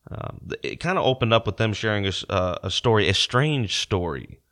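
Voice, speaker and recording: A young man retelling a story to his listeners in casual talk, halting with many fillers and restarts. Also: fairly low pitch, lively intonation, fairly bright tone. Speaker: podcaster.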